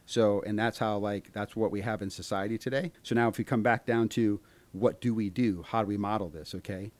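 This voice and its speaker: A man's voice: fairly low pitch, fairly even intonation, brisk, a little mellow. A middle-aged man hosting a podcast, earnestly explaining a parenting idea in plain, casual talk.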